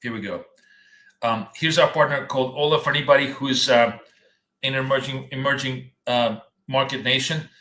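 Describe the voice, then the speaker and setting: A man's voice: medium pitch, steady tone, normal speed, pushed and bright. A man hosting a live trading stream, chatting casually and rambling as he talks straight to his viewers. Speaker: trading coach and stream host. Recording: echoey room.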